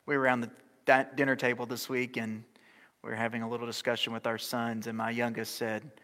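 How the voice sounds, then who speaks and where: A middle-aged man preaching a sermon as pastor, shifting from loud, urgent exhortation down to soft, near-whispered lines. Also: mid-range voice, flat delivery, a little fast. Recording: long hall reverb.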